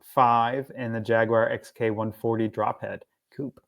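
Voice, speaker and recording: A man's voice: mid-range voice, flat delivery, a little slow, creaky, fairly bright tone. A man co-hosting a casual car chat, easygoing and agreeable, often restarting his sentences. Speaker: podcast co-host.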